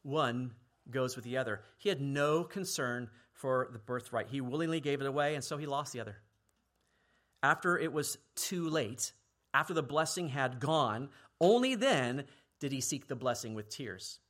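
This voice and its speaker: A male pastor preaching a sermon earnestly, at times dropping to a hushed, grave tone for emphasis. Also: mid-range voice, expressive, normal speed.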